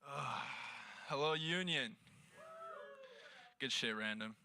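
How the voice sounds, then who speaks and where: A man's voice: mid-range voice, takes it slowly, noisy background. A man opening a stand-up set with brash, profane teasing. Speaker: stand-up comedian. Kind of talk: open mic stand-up opening.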